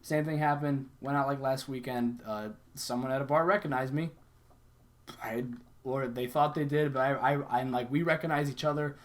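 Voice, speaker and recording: A man's voice: mid-range voice, steady tone, moderate pace. A young adult man giving a casual, conversational sales lesson, acting out sample phone lines as he explains them. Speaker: sales coach. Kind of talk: casual instructional talk.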